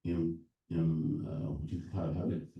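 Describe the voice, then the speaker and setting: A man leading a libation in a church service, earnest, with halting pauses and restarts. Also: extremely low pitch, level tone, creaky, highs cut off, crowd noise. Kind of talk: preaching-style address. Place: church hall during a live service. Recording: echoey room from far off.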